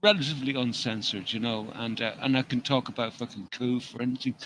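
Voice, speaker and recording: A man's voice: medium pitch, fast talker, background noise. A man co-hosting a casual live chat, foul-mouthed and mocking, laughing at his own jokes. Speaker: co-host.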